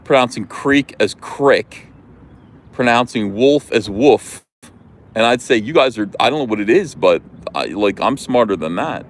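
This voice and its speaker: A man with a New Jersey accent hosting a livestream outdoors, chatting casually in an animated, rambling way. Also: fairly low pitch, a little fast, few pauses. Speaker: livestream host. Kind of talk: casual chat.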